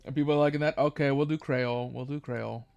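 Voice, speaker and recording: A male streamer with a gravelly, creaky voice, thinking aloud in a halting way and restarting his sentences often. His sound is close and dry, with faint music underneath. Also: medium pitch, fairly even intonation, darkish tone, no echo, highs cut off. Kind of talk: casual live-stream chat.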